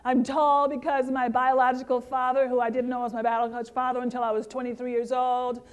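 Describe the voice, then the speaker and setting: A middle-aged woman from the Caribbean giving a motivational keynote speech, lively and interactive, talking straight to the audience. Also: high-pitched, fairly quick, clear, resonant tone. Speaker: keynote speaker.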